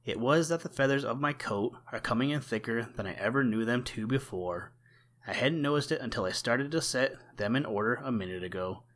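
A man's voice: mid-range voice, fairly quick, a bit bright, natural voice. A man doing Blacky, a sly boastful crow. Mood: chatty. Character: shrewd, self-assured male crow, boastful and chatty.

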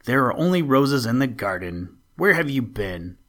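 A man's voice: medium pitch, very animated, normal speed, a bit bright. A man voicing a harsh, impatient stepmother in a read-aloud storybook, scolding sharply. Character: harsh impatient stepmother, middle-aged woman.

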